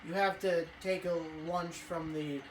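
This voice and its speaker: A woman telling a rambling, swear-filled school story while playing a racing game, with excitable outbursts. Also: on the low side, unhurried, background noise. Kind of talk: casual let's-play storytelling. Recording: echoey room, faint music.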